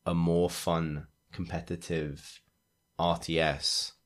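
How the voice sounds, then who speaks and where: A man's voice: low-pitched, little pitch movement, takes it slowly. A man co-hosting a games podcast in casual chat, rambling and restarting his sentences as he thinks aloud. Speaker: podcast co-host.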